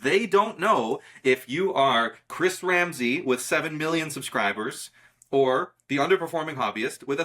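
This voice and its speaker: Emphatic man with a bright voice. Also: medium pitch. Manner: emphatic, insistent, repeats words to drive a point. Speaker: guest magician and mentalist. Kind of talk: casual conversation.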